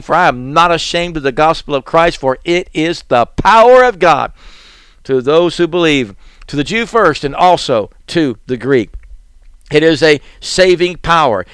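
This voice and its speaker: A man's voice: fairly high pitch, fairly bright tone, clean tone, no echo, clean studio sound. A man preaching a sermon, reading scripture passages and pressing the point with repeated rhetorical questions. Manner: reads King James scripture aloud, then expounds with rhetorical questions.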